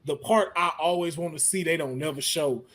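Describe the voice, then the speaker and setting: Brief: male podcast host, slangy and animated, voice a touch high. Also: brisk. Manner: animated, slangy, laughs a lot. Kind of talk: casual chat.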